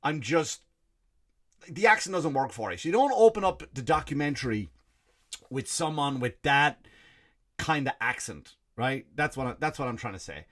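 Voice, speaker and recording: A comedian from Ireland hosts his podcast, his accent worn toward American after years abroad. He rants in blunt, profane bursts, often breaking off and restarting sentences. His voice sits at an ordinary middle pitch for a man. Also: lively intonation, normal speed, fairly bright tone. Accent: Irish, partly Americanized. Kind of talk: ranting comedy monologue.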